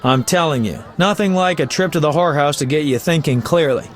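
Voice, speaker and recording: A man's voice: a little high, fairly quick, lightly acted. A man voicing a chatty, flamboyant male poet and bard who talks in a teasing, talkative way. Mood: coaxing. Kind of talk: video game voice acting.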